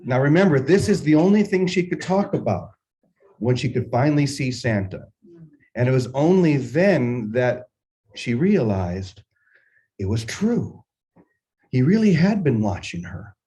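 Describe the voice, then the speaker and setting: An older man hosting a morning spiritual session, musing unhurriedly and telling a personal story with gentle humor. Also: mid-range voice, big pitch swings, a little slow, rough recording. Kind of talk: reflective spiritual talk with storytelling.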